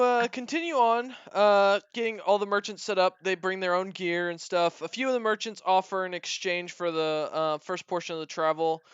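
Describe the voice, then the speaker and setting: A man narrating as game master of a tabletop game, relaxed with frequent fillers. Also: fairly high pitch, clean tone, dry recording, muffled recording.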